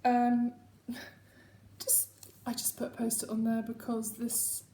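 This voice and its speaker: A woman's voice: a little high, completely flat delivery, slow, mellow, a little hiss or hum. A woman hosting her own casual video chat, rambling and self-mocking as she talks at home. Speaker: host. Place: home room. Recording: echoey home room.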